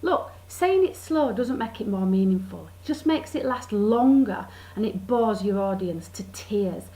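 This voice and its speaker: A woman's voice: medium pitch, expressive, measured pace, mellow, low-quality recording. A woman giving a sarcastic comedy monologue, drawing out words to mock them. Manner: sarcastic, mocking, drawls words for effect. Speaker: vlogger.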